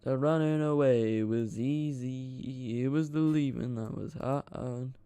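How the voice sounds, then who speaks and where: A man doing an impression of a self-assured middle-aged male football manager, speaking in slow, grand, measured pronouncements. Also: mid-range voice, mellow, lightly acted. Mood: grandiose.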